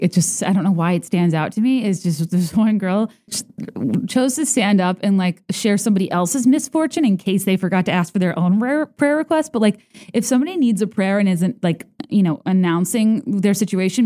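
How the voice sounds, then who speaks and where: A woman hosts a podcast in a casual, rambling monologue. She is sarcastic and playful and often uses filler words. Her voice sits mid-pitch with a mellow, warm tone. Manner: chatty and sarcastic, heavy on "like", mimics others in high voices. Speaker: podcast host.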